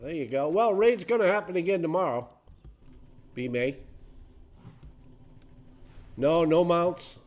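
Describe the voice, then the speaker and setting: A man's voice: on the high side, expressive, measured pace, long pauses, a little mellow. A man streaming a game, chatting casually and reacting to chat and teammates. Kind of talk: casual live-stream chat while gaming.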